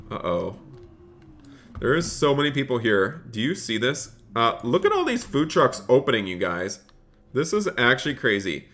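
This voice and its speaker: A bright, forceful male voice streaming a game live, talking straight to his chat in an excitable, chatty rush. He keeps repeating little phrases and switches to a raised, cheery call when serving customers. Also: mid-range voice. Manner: repeats phrases, calls out in a raised shop-counter voice. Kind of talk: live gaming stream commentary.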